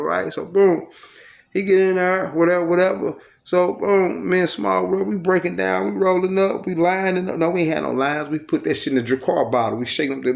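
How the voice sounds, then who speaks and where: A man with a gravelly, fry-laden voice that sits a little high for a man. He tells a story from his time in prison casually and animatedly, full of profanity and street slang, acting out the sounds and exchanges as he goes. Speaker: storyteller recounting prison life.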